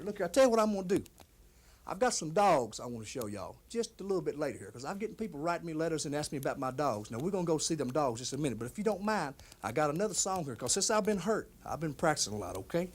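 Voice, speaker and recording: A man's voice: on the high side, big pitch swings, fast talker, breathy edge. A man with a Kentucky accent, a wrestler chatting with fans on his porch in a folksy, rambling country drawl. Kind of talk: folksy in-character chat. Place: house porch.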